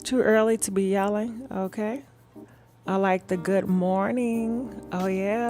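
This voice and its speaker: A woman hosting a gossip live stream in a calm, soft-spoken way, chatting casually and reading viewer comments with many "all right"s and "mm-hmm"s. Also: mid-range voice, slow, faint music behind. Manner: calm, soft-spoken talk instead of her usual yelling. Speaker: gossip show host.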